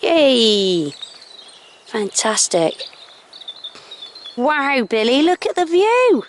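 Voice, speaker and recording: A woman telling a story to schoolchildren outdoors at sunrise. She speaks in an animated way and drops to hushed tones at dramatic moments, recorded on a handheld phone. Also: high voice, extremely slow, slight background noise. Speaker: school assembly presenter. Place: outdoors on a hill at sunrise with a dog. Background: birdsong.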